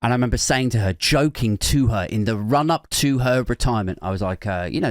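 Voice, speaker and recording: Sardonic male podcast host, animated delivery, dry recording. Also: mid-range voice, a little fast, hardly any pauses, no echo. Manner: chatty, sardonic, laughs at his own asides. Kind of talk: casual commentary reading news.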